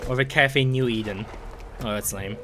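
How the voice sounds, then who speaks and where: A hoarse young man from Sweden, rambling excitably and swearing while commenting on a game he streams. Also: mid-range voice, moderate pace, over music. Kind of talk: casual gameplay commentary. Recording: stream mic with game noise behind. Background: game sounds.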